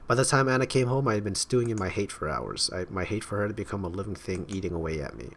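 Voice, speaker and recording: A man's voice: lowish voice, expressive, fast, fairly bright tone. A man streaming a visual novel playthrough, reading its narration aloud with wry asides. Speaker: game streamer. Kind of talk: reading game text aloud with casual commentary.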